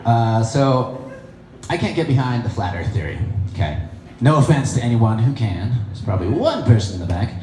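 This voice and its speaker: A young man doing stand-up, chatty and nerdy, his voice rising and falling in lively swings. The room has a roomy echo, and there is clear background noise behind him. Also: medium pitch, moderate pace. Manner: self-deprecating, nerdy, chatty. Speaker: stand-up comedian. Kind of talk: stand-up comedy set. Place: comedy stage before an audience.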